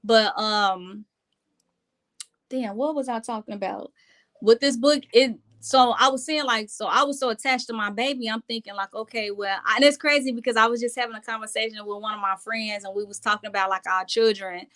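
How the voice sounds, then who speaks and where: Bright-voiced woman chatting on a live stream. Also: a little high, fairly quick. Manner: chatty, reflective, talks to viewers directly. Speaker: vlogger. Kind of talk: casual live-stream chat.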